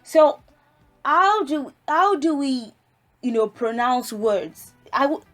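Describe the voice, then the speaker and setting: Slow-speaking woman teaching a language. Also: high-pitched, soft background music. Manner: slow and careful, reciting letters one by one, relaxed asides with fillers. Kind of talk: casual spoken lesson.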